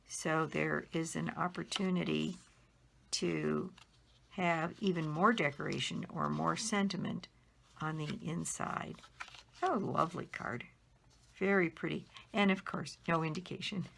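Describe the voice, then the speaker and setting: A middle-aged woman with a slightly low, gravelly voice takes her time, moving unhurriedly through a stack of handmade greeting cards. She admires each one and carefully spells out who made it, one letter at a time. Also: fairly bright tone, a little hiss or hum. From Colorado. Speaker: card-making demonstrator. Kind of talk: casual show-and-tell of handmade cards.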